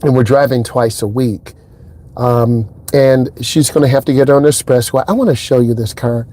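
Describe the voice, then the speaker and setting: A man talking casually as a driving instructor inside a car, telling stories in a lively way and acting out what people said. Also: moderate pace. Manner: animated storyteller, acts out quotes in a higher voice. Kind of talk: casual vlog talk.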